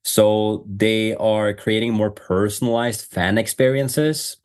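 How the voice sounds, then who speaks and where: A man hosting a podcast, talking loosely with many fillers and quick laughs in casual chat. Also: on the low side, steady tone, a little mellow, clear, resonant tone. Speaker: podcast host.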